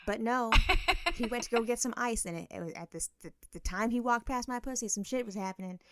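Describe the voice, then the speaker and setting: A woman's voice: fairly high pitch, brisk, background noise. A woman co-hosting a podcast in casual chat, telling frank, profane stories and acting out the people in them. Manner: frank, profane storytelling with animated quoted voices. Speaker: podcast co-host.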